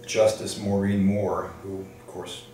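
An older Detroit man, a law librarian, recounts his career for an oral history interview, often restarting and saying "um" as he reflects. His voice is low, mellow, and level, and he speaks slowly. The recording has a distant mic in an echoey room with faint noise.

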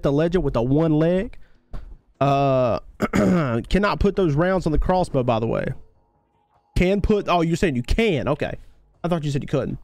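Laid-back high-voiced male streamer. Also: darkish tone, no room sound, studio quality. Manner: laid-back, thanks viewers by name, calls them brother. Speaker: live streamer. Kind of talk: casual gaming livestream chat.

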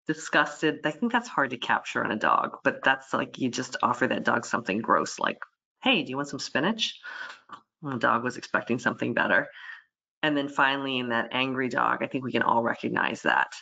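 A woman veterinarian giving a webinar lecture, lively, who voices the animals' thoughts in quick quoted asides. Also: rumbling low, gravelly.

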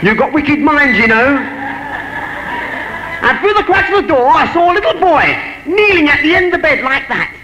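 A man's voice: very high voice, sing-song, normal speed, sharp tone. A man doing stand-up, telling jokes to a live audience with chatty, teasing asides. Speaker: stand-up comedian. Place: live venue on stage. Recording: hall reverb, faint noise.

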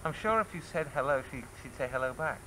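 This mid-range male voice moves fast, teasing and coaxing a toddler in a lively way during a home video at the family house. Poor audio from the camcorder microphone carries a little hiss or hum.

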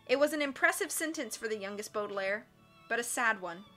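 A woman reading a storybook aloud in a measured, expressive way, with faint music behind. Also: a little high. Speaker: audiobook reader. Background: faint background music.

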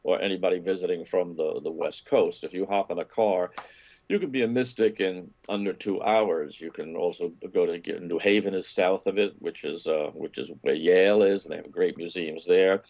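A man's voice: sits low, fairly even intonation, moderate pace, darkish tone, highs cut off. A man, a travel and food writer, talking casually in an interview, rambling with frequent restarts and enthusiasm over a video call. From New York area.

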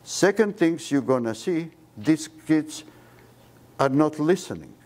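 A man's voice: fairly high pitch, takes it slowly. Emphatic man lecturing on medicine. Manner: animated lecturer, drops articles, leans on key words. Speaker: physician giving a seminar talk. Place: seminar room before an audience.

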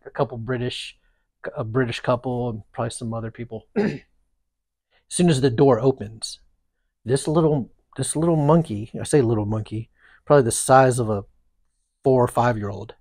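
Male co-host, casual chatty storyteller, average pitch, dry booth sound. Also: normal speed, no echo. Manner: animated, rambling, restarts often. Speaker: podcast co-host.

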